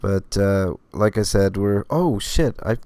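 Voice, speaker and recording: A man hosts a live podcast in a loose, meandering way, leaning on fillers and fighting off hiccups. His voice sits a little low and sounds smooth and resonant. The recording is dry and close, with no room sound. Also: expressive, takes it slowly, dark tone, no room sound. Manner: rambling, filler-heavy, laid-back. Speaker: podcast host. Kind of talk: casual live-stream podcast chat.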